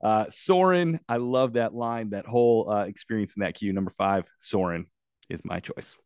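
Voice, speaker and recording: A man's voice: lowish voice, normal speed, a little mellow, smooth, no room sound, clean studio sound. A man co-hosting a podcast, telling stories in a chatty, casual way into a podcast microphone. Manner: chatty storyteller. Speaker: podcast co-host. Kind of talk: casual chat.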